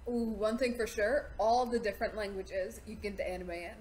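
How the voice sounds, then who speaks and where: A woman co-hosting a podcast in casual chat, enthusiastic with quick asides. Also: medium pitch, fairly even intonation, darkish tone, a little hiss or hum. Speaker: podcast co-host.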